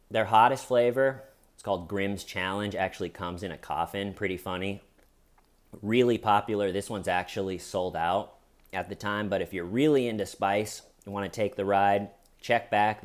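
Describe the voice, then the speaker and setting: A man's voice: fairly low pitch, moderate pace. A young man casually retelling a crime story as a joke, acting out the quotes in silly voices, at his desk. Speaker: true crime comedy host. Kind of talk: casual storytelling with sponsor read.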